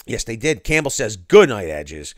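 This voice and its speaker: A man hosting a construction live stream, reading viewer comments aloud in an excitable way and throwing in lots of "yo" and quick asides. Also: fairly low pitch, no room sound, studio quality.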